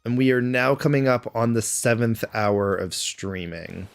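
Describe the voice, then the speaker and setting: A man's voice: medium pitch, unhurried, clear, resonant tone, soft background music. Chatty Canadian man streaming. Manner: chatty, answers chat questions aloud between game moments. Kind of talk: casual live-stream chat.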